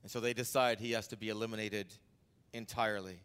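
A man preaching a sermon as pastor, talking conversationally through an anecdote, building to emphatic peaks and then dropping low. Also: fairly even intonation, quick pace, a bit bright, clear, resonant tone.

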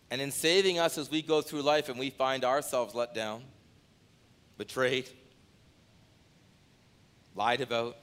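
Bright-voiced preaching man. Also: mid-range voice. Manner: impassioned preaching, swinging from loud to hushed. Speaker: pastor. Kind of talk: sermon. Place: church sanctuary.

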